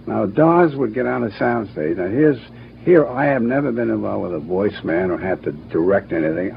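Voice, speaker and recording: Older man with a gravelly voice reminiscing. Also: mid-range voice. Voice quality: brisk, anecdotal, acts out quotes. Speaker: cartoon producer and director. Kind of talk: interview, reminiscing. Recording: dull archival recording with faint hiss.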